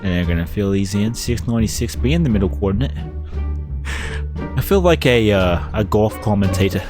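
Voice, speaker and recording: A man's voice: fairly low pitch, lively intonation, moderate pace, music in the background. A man with a Kentucky Southern accent giving rambling, laid-back commentary while he plays a building game on stream. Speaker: let's-play streamer. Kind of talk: casual gameplay commentary.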